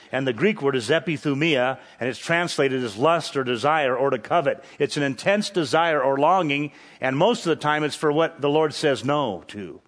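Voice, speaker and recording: A man preaching a sermon, with rhetorical questions and emphatic peaks that climb on key phrases. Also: fairly high pitch. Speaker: pastor.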